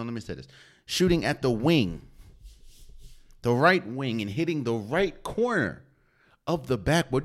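A man hosting a solo sports podcast, talking casually and opinionated, with slang and rhetorical questions. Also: a little high. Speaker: podcast host.

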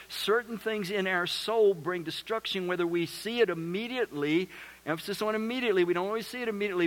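A man preaching a sermon as pastor, animated, acting out little voices and asking the crowd questions. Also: high voice.

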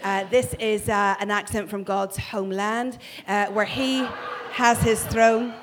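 Woman, 40s, Northern Irish, prophetic minister; playful and energetic at the mic. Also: medium pitch, measured pace, music in the background. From Northern Ireland. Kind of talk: lively church talk to a congregation. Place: church hall. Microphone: handheld mic.

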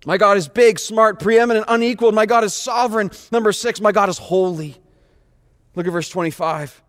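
Pastor, male, higher voice, dramatic preacher from hush to shout, long hall reverb. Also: brisk. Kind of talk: sermon.

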